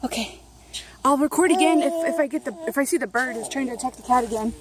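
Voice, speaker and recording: A woman's voice: high-pitched, rapid-fire, crowd noise. A young woman vlogging at home outdoors, chatty and rambling with lots of fillers, laughing often and cooing at her children while holding the camera herself. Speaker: vlogger and mother. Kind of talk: casual home vlog. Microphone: handheld camera, filming one-handed.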